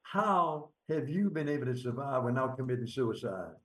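A man's voice: mid-range voice, lively intonation, moderate pace. A man hosting a radio interview, asking questions in a conversational way. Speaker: radio show host.

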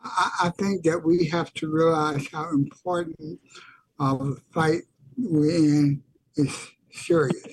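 An older man co-hosting a radio talk show, speaking slowly and earnestly. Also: fairly high pitch, low-quality recording. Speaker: radio co-host.

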